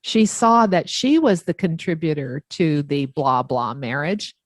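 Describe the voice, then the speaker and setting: A woman guest tells stories with bubbly enthusiasm and acts out the voices of the people in them. Her voice sits a little low and sounds dry and close to the mic, with no room echo. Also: unhurried. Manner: animated, enthusiastic storyteller acting out dialogue. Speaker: author and letter writer, guest. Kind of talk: interview storytelling.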